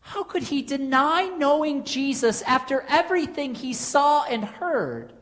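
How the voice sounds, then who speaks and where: A woman preaching a sermon in an earnest way, posing rhetorical questions with dramatic pauses. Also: high voice, very animated.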